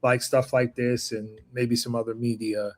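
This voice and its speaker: Relaxed man chatting easily. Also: medium pitch, normal speed. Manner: relaxed, easygoing, many fillers. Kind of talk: casual chat.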